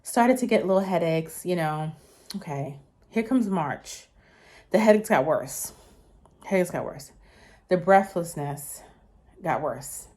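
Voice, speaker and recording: A woman's voice: on the low side, expressive, slow pace, long pauses, a little mellow. Chatty woman, slightly out of breath. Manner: chatty, rambling with many fillers and self-corrections. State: short of breath. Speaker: vlogger. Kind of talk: casual storytelling to camera.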